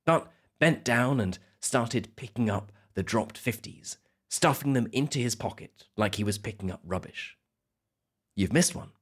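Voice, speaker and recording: A man hosting an educational podcast, telling a story in a clear, measured way for learners. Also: mid-range voice. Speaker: podcast host. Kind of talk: scripted educational narration.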